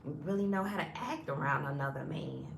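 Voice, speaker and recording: A woman voicing a nervous, soft-spoken widowed friend in her sixties, speaking hesitantly. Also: sits low, expressive, brisk, creaky, reverberant, distant mic, background noise.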